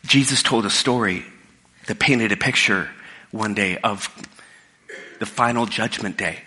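The speaker is a middle-aged man, a pastor, whose lowish voice sounds pushed and bright as he preaches at a measured pace. He delivers the sermon casually as a story, often restarting sentences, and the church hall adds long reverb.

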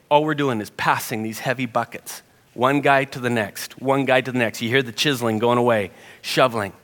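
A man preaching from the front, telling a story with growing animation and a voice that sits somewhat high. His voice carries a long reverb from the hall around him. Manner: animated storyteller, rising pitch when excited. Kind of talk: sermon storytelling.

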